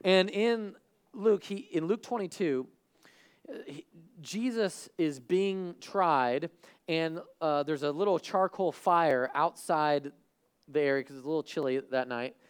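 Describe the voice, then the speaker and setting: A man preaching a sermon, who acts out the people in the story and swings from loud and excited to hushed and earnest. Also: fairly high pitch, unhurried, smooth. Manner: talks to a live congregation, asks them questions. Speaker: pastor.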